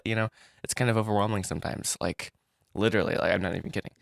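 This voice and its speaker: Rambling self-deprecating man, low voice. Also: fast, gravelly, a bit bright, no room sound, studio quality. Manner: rambling, self-deprecating, frequent restarts and laughs. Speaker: indie animator vlogging his film. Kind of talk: casual solo vlog.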